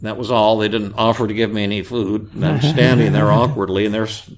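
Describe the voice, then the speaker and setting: Low gravelly male psychiatrist telling a story. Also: fairly even intonation, a little hiss or hum. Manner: halting, many fillers and restarts; acts out quoted voices louder. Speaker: psychiatrist and podcast host. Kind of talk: casual anecdotal storytelling.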